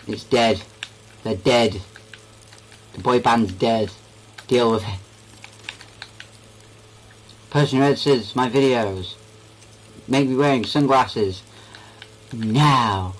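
A man's voice: medium pitch, takes it slowly, long pauses, rough recording. A young man giving goofy, rambling commentary while playing a game. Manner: goofy, rambling, talks to himself. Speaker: gaming video creator.

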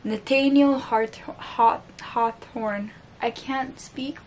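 A woman's voice: fairly high pitch, fairly even intonation, extremely slow, darkish tone, slight background noise. A tired, sleep-deprived woman with a French accent chatting casually while unboxing books at home, joking at herself and stumbling over words. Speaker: book vlogger. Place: home room with books on the floor.

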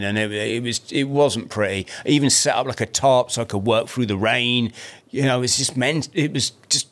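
A man in his fifties from South-East London with an English accent, a podcast guest telling his story in a rambling, animated way with lots of restarts and swearing. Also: fairly low pitch. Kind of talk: casual storytelling.

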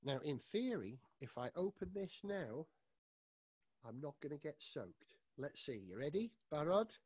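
High, lively man explaining science. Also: measured pace, husky, dry recording. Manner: enthusiastic, playful, addresses children directly. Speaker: science presenter. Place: home living room.

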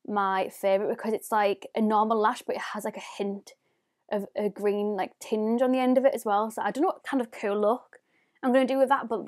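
A woman, chatting casually and rambling as a beauty vlogger showing off her presents. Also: medium pitch. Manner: chatty, rambling, lots of "like" fillers. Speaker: beauty YouTuber. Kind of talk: casual unboxing vlog.

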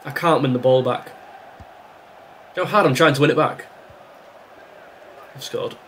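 A young gaming YouTuber commentates his own football video game, ranting at the match in an exasperated, sarcastic way. His medium-pitched, slightly bright voice moves at normal speed, and there's a little hiss or hum in the recording.

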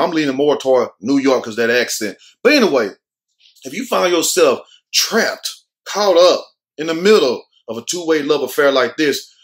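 A man hosting his own commentary show, talking straight to his viewers in loose, joking street slang. His voice sits a little high for a man. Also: fairly bright tone. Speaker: show host. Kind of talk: casual commentary on a viral video.

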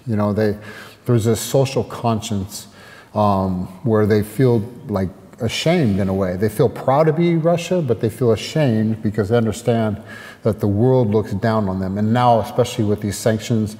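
Low, dark-voiced American man, earnest. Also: in a large hall. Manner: earnest, halting, with many restarts. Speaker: interview guest. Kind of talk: casual interview talk.

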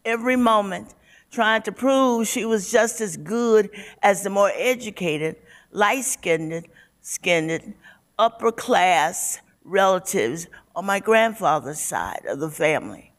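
A woman reading her own personal essay aloud in an unhurried, reflective way. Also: mid-range voice, animated. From United States. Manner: unhurried, reflective reading with occasional soft laughs. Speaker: community writer.

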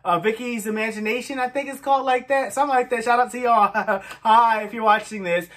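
Man hosting a reaction video, high pitch, bright, effusive, laughs a lot. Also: steady tone, brisk. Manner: effusive, laughing, sings snatches along. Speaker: reaction channel host. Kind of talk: casual music reaction vlog.

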